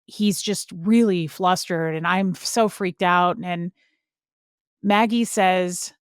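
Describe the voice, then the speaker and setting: A woman's voice: on the low side, fairly even intonation, slow pace, clear, resonant tone, no room sound, studio quality. A woman guest telling a personal story in a casual, earnest way, full of "like" fillers. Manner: earnest and emotional when recounting. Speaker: podcast guest.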